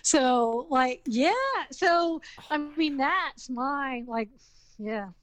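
A woman with a high-pitched voice and a Southern US accent, chatting casually as a guest. She rambles, restarts and laughs often. Her voice is recorded dry and close. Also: extremely slow, dry recording. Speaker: podcast guest. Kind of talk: casual chat.

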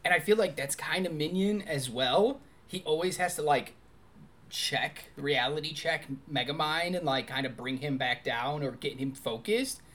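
A podcast co-host chatting about a movie with lots of energy and enthusiasm. The delivery is animated and full of quick asides, the easy back-and-forth of a casual review show. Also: medium pitch.

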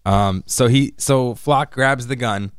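A man in casual chat as a podcast co-host, recapping a story and acting out the characters' lines in quick, jumpy voices. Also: medium pitch, clear, resonant tone, no room sound, clean studio sound.

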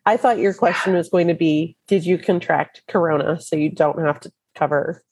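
A woman co-hosting a podcast in casual chat, a bit hoarse from illness, telling stories with frequent laughs. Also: lowish voice, moderate pace, darkish tone, no room sound. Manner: laughs often, chatty storytelling. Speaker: podcast co-host.

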